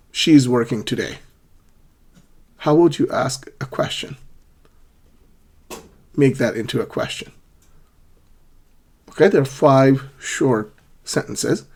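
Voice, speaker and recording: Husky-voiced man teaching English grammar. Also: mid-range voice, darkish tone. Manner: patient, repeats examples with clear question intonation. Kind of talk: ESL grammar lesson.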